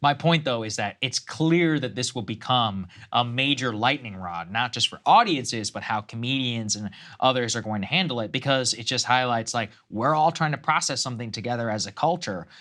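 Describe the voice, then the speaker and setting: A man's voice: medium pitch, normal speed, few pauses, fairly bright tone. A man co-hosting a political news show, reading reports aloud and then riffing with restarts. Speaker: co-host.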